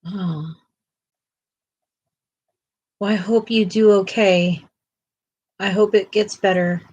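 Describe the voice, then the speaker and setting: Woman, husky voice, lowish pitch, casual livestream chat, dry close sound. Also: steady tone, slow pace, darkish tone, no echo, low-quality recording. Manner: chatty, self-deprecating, laughs often; cooing baby talk to a pet. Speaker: co-host of an art livestream.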